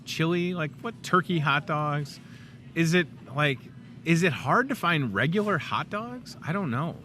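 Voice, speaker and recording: Midwestern man, middle-aged, upbeat talk-show host, bright animated voice, faint store noise behind. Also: a little high, measured pace. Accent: Midwestern American. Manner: upbeat, chatty, jokey. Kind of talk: casual in-store chat. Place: grocery store aisle. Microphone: clip-on lapel mic.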